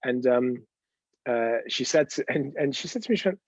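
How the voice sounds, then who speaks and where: A man's voice: medium pitch, animated, moderate pace, no room sound. Rambling man, dull dry sound. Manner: chatty, rambling anecdotes with frequent restarts. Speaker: host of a weekly live show. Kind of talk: unscripted live-stream chat.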